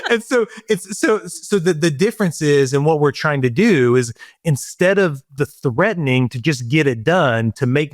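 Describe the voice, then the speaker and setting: A middle-aged man co-hosting a podcast chat, animated and full of restarts as he tells a story. His voice sits at an ordinary middle pitch. The sound is dry and close to the mic. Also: no room sound. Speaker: podcast co-host. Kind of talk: casual chat.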